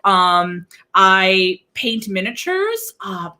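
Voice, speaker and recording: A young woman, a music teacher and guest, chatting excitedly on a video call. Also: drawn-out words. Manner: chatty, excitable, breaks into sung and squeaky bits. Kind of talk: casual interview chat.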